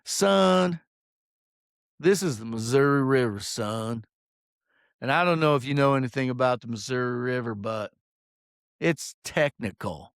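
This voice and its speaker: A man's voice: medium pitch, lively intonation, unhurried, long pauses, smooth, no echo, clean studio sound. A man playing an exaggerated, condescending fishing guide who lectures his client as "son" in a put-on accent, with a lot of profanity. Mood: scolding.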